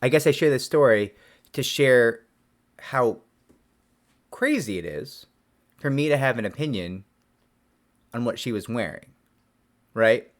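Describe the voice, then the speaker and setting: A man's voice: mid-range voice, lively intonation, unhurried, pauses often. A man, a lawyer, telling a story to camera in a rambling, self-deprecating way with many restarts.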